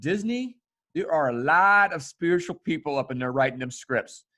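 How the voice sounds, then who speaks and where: Brief: upbeat, slangy male podcast host with a slightly high voice. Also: normal speed. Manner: animated, casual, slangy. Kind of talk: casual podcast chat.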